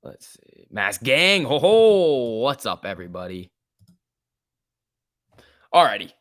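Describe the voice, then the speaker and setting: A man's voice: medium pitch, sing-song, slow pace, a bit bright, no room sound, clean studio sound. Laid-back man hosting a stock livestream. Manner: laid-back, chatty, laughs often, talks to chat. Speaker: stock market livestream host. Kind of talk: casual livestream commentary reading chat.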